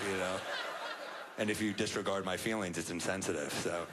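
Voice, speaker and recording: A man's voice: low-pitched, steady tone, quick pace, fairly bright tone, a little hiss or hum. A young man performing a stand-up set on a club stage, telling stories in a dry, self-deprecating way. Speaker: stand-up comedian. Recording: live club set with crowd laughter. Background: audience laughter.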